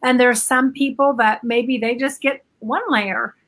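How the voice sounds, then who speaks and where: High, bright-voiced middle-aged woman. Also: fairly even intonation. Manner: halting, with frequent restarts. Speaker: guest. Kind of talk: casual chat on a live stream.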